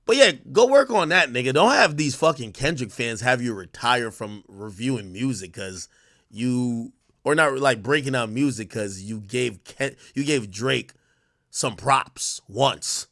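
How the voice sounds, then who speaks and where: A man's voice: mid-range voice, lively intonation, unhurried, a bit bright, no echo, studio quality. A man in his thirties hosting a livestream, ranting to his chat in a profane, mocking way and laughing often. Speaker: livestream host. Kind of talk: casual rant to a live chat.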